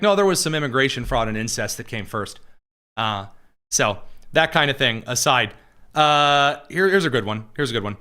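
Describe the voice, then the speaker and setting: Bright-voiced man talking bluntly. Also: fairly high pitch. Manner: conversational, digressive, frequent restarts; blunt and opinionated. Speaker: political commentary show host answering viewer questions. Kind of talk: casual livestream chat.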